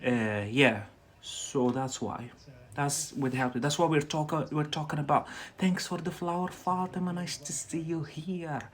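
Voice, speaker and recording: Scottish male English teacher, livestream lesson, chatty, unhurried, repeats words for learners. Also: fairly high pitch, steady tone. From Scotland.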